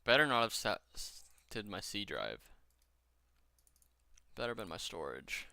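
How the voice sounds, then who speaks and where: A man from Washington talks his way through a gaming stream in a loose, rambling, profane way, a little drunk. His lowish voice is very bright and crisp. The sound is dry and close. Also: big pitch swings, unhurried, dry recording. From Washington state. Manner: rambling, profane, chatty with viewers. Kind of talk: casual stream chat.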